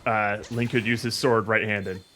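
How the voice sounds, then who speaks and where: A man's voice: fairly low pitch, little pitch movement, normal speed, over a noisy crowd. A man streaming a game and chatting casually, opinionated and rambling with lots of fillers. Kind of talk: casual gaming chat.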